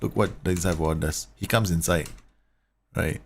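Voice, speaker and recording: A man's voice: sits low, moderate pace, gravelly, slight background noise. A man giving casual, chatty commentary on football management game tactics, talking straight to his viewers and laughing at his own slips. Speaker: gaming YouTuber reviewing tactics.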